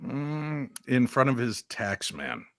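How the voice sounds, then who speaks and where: A man's voice: mid-range voice, big pitch swings, takes it slowly. A man co-hosting a podcast, chiming in with dry jokes in casual chat. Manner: dry joking asides. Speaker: podcast co-host.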